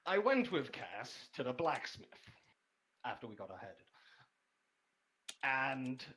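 Animated man telling a tabletop tale. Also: medium pitch, takes it slowly, a little hiss or hum, low-quality recording. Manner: animated, laughing storyteller. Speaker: tabletop game player. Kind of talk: casual game chat and in-character retelling.

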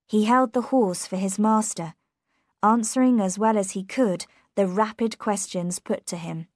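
Woman reading a graded reader slowly. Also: medium pitch, darkish tone, dry recording, studio quality. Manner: slow, careful and clear. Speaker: narrator. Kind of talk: graded reader audiobook narration.

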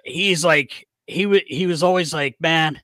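Animated, profane podcast host with a bright voice. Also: male voice, a little high, moderate pace, no room sound. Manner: animated, profane, laughing storyteller. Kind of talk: casual storytelling chat.

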